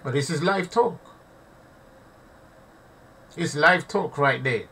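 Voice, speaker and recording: A man's voice: fairly high pitch, slow pace, sharp tone, husky, far from the mic. Impassioned preaching man, off-mic. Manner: preachy, repetitive, calls audience "family". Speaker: online preacher. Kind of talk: impassioned live commentary.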